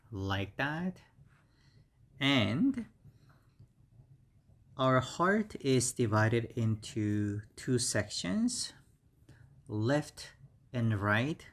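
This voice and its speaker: A middle-aged man whose first language is Korean, teaching beginner English vocabulary slowly and repeating each word several times. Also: medium pitch. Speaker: English instructor. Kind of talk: slow beginner vocabulary lesson.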